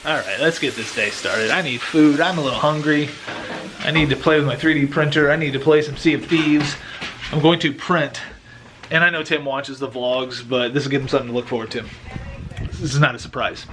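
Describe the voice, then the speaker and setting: A man's voice: mid-range voice, a bit bright. Middle-aged male vlogger, loose rambling home chat, noisy room. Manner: rambling, joking, self-interrupting. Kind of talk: casual vlog chat.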